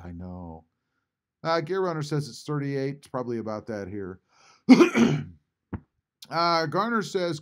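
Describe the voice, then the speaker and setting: A man hosting a casual live stream from home, reading chat messages aloud and answering them with frequent pauses. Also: medium pitch. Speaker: YouTube channel host reading live chat. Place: home, at a computer.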